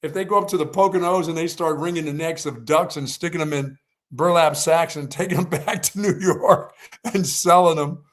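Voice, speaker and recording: Lively higher-voiced man telling stories. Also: moderate pace. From Pennsylvania. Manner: animated storyteller, laughs a lot. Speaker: sports talk host. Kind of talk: casual chat and storytelling.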